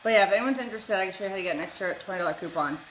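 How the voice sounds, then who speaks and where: Bright-voiced woman chatting with her live stream. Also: medium pitch, racing, a little hiss or hum. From United States. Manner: blunt, swears freely, talks to chat by name. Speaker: vlogger answering live chat. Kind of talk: casual live-stream chat. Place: at home.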